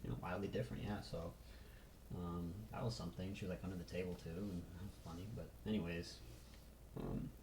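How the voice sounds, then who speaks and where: A man's voice: deep voice, fairly even intonation, a little fast, echoey room, noisy background. A man talking casually to camera in a loose, rambling way full of fillers, recorded on a phone. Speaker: vlogger.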